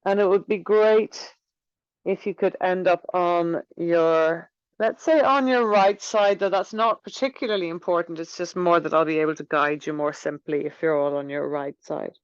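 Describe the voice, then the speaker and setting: Woman yoga teacher, calm unhurried guidance, dry close sound, a touch muffled. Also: fairly low pitch, clean tone, dry recording. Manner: gentle, unhurried guiding. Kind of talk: guided movement class. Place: room with wooden floor.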